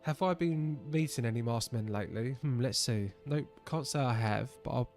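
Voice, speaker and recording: A man's voice: mid-range voice, moderate pace, darkish tone, faint music behind, natural voice. A man reading as a breezy, evasive villager.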